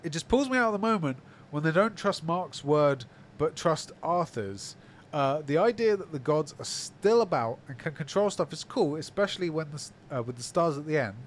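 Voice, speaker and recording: A man co-hosting a casual podcast, reading listener comments aloud and reacting with quick, animated quips. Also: fairly high pitch. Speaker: podcast co-host.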